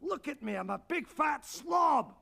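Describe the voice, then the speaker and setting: An actor playing a crude, gluttonous obese henchman with a Scottish accent and a bellowing, gravelly voice, in a film comedy. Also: very high-pitched, animated, measured pace, fairly bright tone, long reverb tail, full character voice. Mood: self-pitying.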